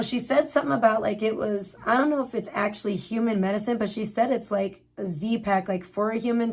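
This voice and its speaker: Woman livestreamer, swears a lot, rambles on, mid-pitched voice. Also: darkish tone. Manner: blunt, profane, rambling. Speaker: livestream host. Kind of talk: casual livestream commentary.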